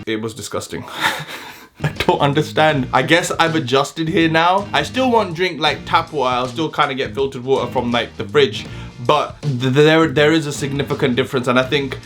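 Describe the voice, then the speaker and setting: A man from the UK with a London-leaning British accent, talking to camera in a joking, animated vlog. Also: mid-range voice, moderate pace, soft background music. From United Kingdom. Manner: animated, joking, talks straight to viewers. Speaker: vlogger. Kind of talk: casual vlog monologue.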